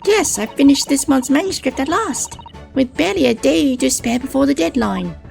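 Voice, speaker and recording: A bright, eager young girl, put on by a man reading game lines aloud. The voice sits well above a man's usual range with a gravelly, fried edge. She chatters warmly and fondly, with faint music behind. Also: very high-pitched, lively intonation, moderate pace, pitched above the performer's own voice, full character voice. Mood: cheerful. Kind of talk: reading game dialogue aloud on a live stream.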